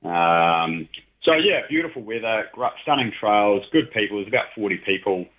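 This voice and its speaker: A man's voice: on the low side, animated, moderate pace. Chatty man on a phone line. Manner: chatty, rambling, many fillers. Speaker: regular guest, heritage train operator. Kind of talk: casual radio chat.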